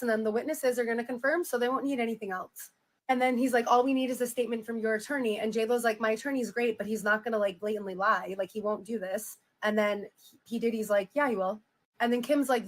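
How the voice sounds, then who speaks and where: Chatty woman with a higher voice. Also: poor audio. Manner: chatty, many "like" fillers, retells quotes. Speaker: commentator reading a memoir aloud. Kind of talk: casual reaction commentary.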